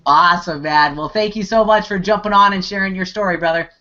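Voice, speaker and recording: A man's voice: sits high, fast talker, bright, forceful tone. A man hosting a live online Q&A, talking in a rambling way with many restarts and fillers. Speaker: host. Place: online video hangout. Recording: dull lo-fi video call audio.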